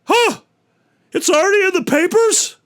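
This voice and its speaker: A man voicing a big, dim, blustering male lion in a told joke, loud and high-pitched. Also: moderate pace. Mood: shocked.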